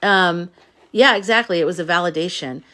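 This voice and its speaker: A woman's voice: lowish voice, normal speed, pushed and bright. A middle-aged woman hosting a casual livestream, talking to viewers in a playful, rambling way and swearing now and then. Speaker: livestream host, spiritual coach.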